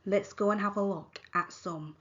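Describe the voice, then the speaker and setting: A woman with a Thai accent teaching a language lesson, modeling words slowly and repeating them for the learner. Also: medium pitch, steady tone, fairly bright tone, highs cut off. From Thailand. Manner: slow, repeated model pronunciation.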